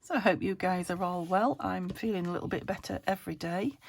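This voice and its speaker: A woman from the UK hosting a casual craft tutorial, chatty and self-chiding as she thinks aloud while working, her voice still slightly croaky. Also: lowish voice, brisk. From United Kingdom. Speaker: crafting channel host.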